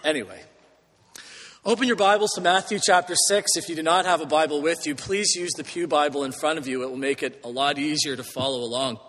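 A man preaching a sermon as pastor, earnest with dry humorous asides, slowing down and lifting his voice to stress key words. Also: fairly high pitch, fairly even intonation, fairly bright tone. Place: church sanctuary. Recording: long church hall reverb.

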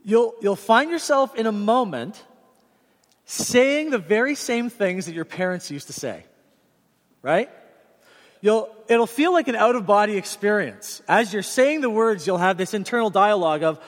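High-voiced pastor preaching in a hall. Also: male voice, a little slow. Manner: animated storytelling, earnest and direct. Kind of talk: sermon. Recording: reverberant hall sound.

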